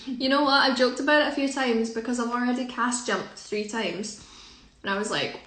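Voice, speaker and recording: A woman's voice: on the high side, normal speed, a bit bright. A young woman, a musical theatre performer, chatting casually in a social media Q&A on a phone, giggly and self-deprecating. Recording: echoey room.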